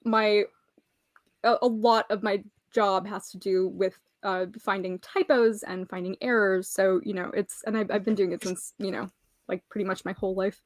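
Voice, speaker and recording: A woman's voice: mid-range voice, fairly even intonation, moderate pace, dry recording. Chatty woman with a dry close sound. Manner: chatty, laughs often, precise about grammar. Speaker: paralegal co-host. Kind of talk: casual livestream chat.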